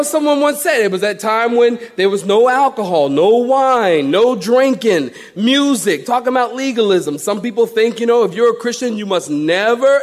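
A man preaching a sermon as pastor, joking and acting out the people he quotes. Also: sits high. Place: church.

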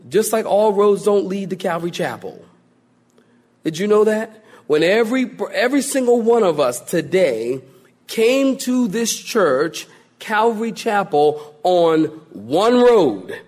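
A male pastor delivering a sermon, animated and joking, acting out quoted voices as he preaches. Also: medium pitch, breathy edge.

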